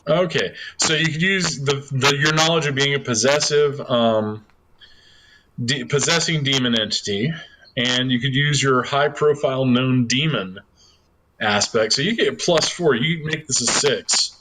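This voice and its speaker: A man running a tabletop game as game master over a voice call, chatty and quick to laugh, often trailing off into repeated words. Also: medium pitch. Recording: noisy online call recording.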